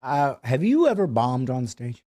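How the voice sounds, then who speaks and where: A man's voice: medium pitch, sing-song, a little slow, dark tone, no room sound. A man hosting a podcast in a studio, chatting casually with rambling, wry, self-mocking riffs. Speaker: podcast host. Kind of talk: casual chat.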